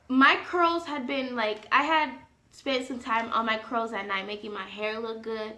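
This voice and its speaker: Young woman, casual storytime vlog, animated and indignant, bright voice, roomy echo. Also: a little high, normal speed. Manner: animated, indignant retelling with quoted dialogue.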